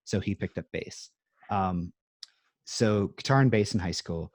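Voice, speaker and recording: A man's voice: sits low, steady tone, normal speed, no room sound. A man in his thirties, a guest in a casual interview, chatting from a home music room over a video call in a rambling, self-deprecating way full of fillers. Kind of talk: casual chat.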